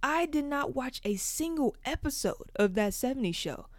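A young woman hosting a podcast, telling a story in a casual, profane, animated way. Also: high voice, moderate pace, no room sound, clean studio sound. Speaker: podcast host.

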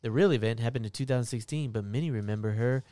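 A man's voice: mid-range voice, fast, no echo, studio quality. A man co-hosting a podcast in casual chat, joking and reading items out. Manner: jokey, deadpan, reads items out. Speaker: podcast co-host.

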